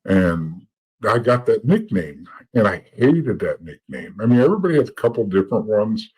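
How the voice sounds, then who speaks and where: Very animated at a normal pace, a middle-aged former informant recounts his past as a podcast guest in casual, blunt, profane storytelling, often saying words twice. His lowish voice is a little mellow and slightly rough, and the recording is rough.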